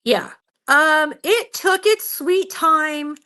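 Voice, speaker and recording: Bright, tense-voiced woman recounting a scare. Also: high-pitched, lively intonation, extremely slow. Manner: earnest, shaken, many fillers and quoted self-talk. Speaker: guest, Bigfoot researcher. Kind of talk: telling a personal story in a radio interview.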